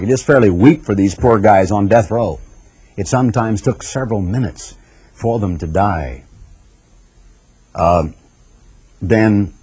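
A man's voice: medium pitch, dark tone, slightly rough. A man giving impassioned, rhetorical radio commentary, piling up lists for emphasis. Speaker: radio broadcaster.

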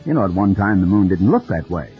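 A man preaching a radio sermon in a folksy, storytelling manner, with a husky voice. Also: low voice, sing-song, quick pace, faint music behind. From United States. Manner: folksy storytelling, mimics voices in quoted dialogue. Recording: dull lo-fi radio broadcast.

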